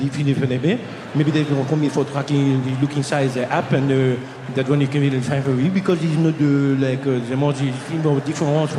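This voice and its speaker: A man putting on the voice of an older French airport clerk with a French accent, halting and rambling in broken English. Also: medium pitch, reverberant, noisy background, close to an everyday voice.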